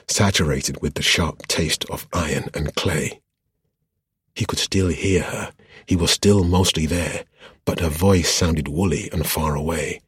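A man narrating a fantasy novel as an audiobook in a steady, measured way. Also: extremely low pitch, breathy edge, no room sound, clean studio sound.

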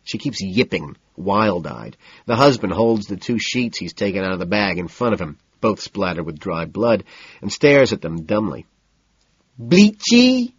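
Husky guy reading a novel first-person, flat cool delivery, dry dull-ish sound. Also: deep voice, moderate pace, dry recording. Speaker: audiobook narrator.

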